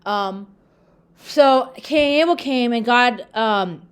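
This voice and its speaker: A woman's voice: a little high, slow pace, smooth. Earnest woman preaching casually to camera. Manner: earnest, repetitive, addresses viewers as "you guys"; many restarts and fillers, acts out quoted lines. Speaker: religious video host. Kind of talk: casual Bible talk to camera.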